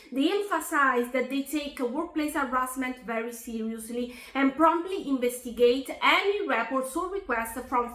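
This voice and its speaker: Woman, high voice, scripted narration, earnest, reverberant room. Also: sharp tone. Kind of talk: scripted narration reading out messages.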